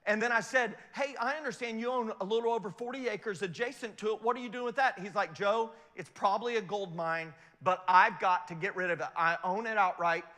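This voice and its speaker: A middle-aged man giving a motivational talk to an audience, an animated storyteller who keeps asking whether his points make sense. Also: sits high, fairly quick, hardly any pauses, big-room sound. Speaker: investment speaker.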